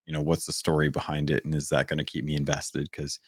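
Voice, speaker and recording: A man co-hosting a gaming podcast, talking things through in a thoughtful, measured way with many restarts. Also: very deep voice, completely flat delivery, husky, no echo, clean studio sound. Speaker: podcast co-host. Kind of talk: casual chat.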